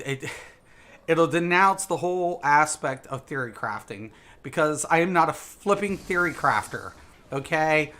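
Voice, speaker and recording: A man's voice: on the high side, fairly bright tone. A man streaming a game live, chatting casually with viewers in a rambling, emphatic way, repeating words and saying "dude" a lot. He sounds a little tipsy.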